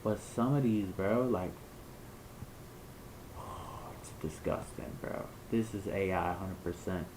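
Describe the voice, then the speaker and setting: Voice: sits low, takes it slowly, background noise. A young adult creator delivering screen reaction commentary. They talk in heavy slang and rant with disbelief at what they see. Casual swearing runs all through the delivery. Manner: slangy, incredulous ranting. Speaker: video creator.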